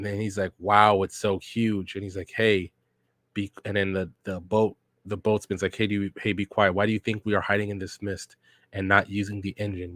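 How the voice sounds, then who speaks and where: Low-voiced man reading manga aloud, slangy. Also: no room sound, clean studio sound. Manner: reads character lines aloud in a flat, slangy storytelling way. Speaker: podcast host reading manga. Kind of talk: casual read-along reaction.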